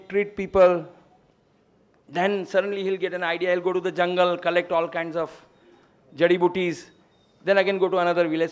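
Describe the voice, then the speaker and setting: Male guest lecturer, high-pitched and discursive. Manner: discursive, storytelling. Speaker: guest speaker on greenhouses. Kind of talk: lecture with a closing anecdote.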